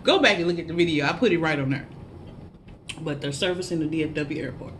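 A woman's voice: sits low, quick pace, a little hiss or hum. A woman in a casual eating vlog, chatting to viewers between bites and humming as she chews. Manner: laughs at herself, animated shout-outs to viewers. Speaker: mukbang vlogger.

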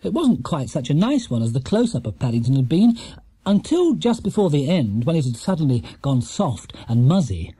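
A man narrating a children's storybook in a lively, expressive way. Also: fairly high pitch, moderate pace, husky, no room sound. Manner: lively character-rich storytelling. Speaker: audiobook narrator.

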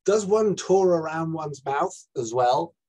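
Male host, somewhat high voice, hesitant, gropes for words. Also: lively intonation, slow, mellow. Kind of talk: casual interview chat.

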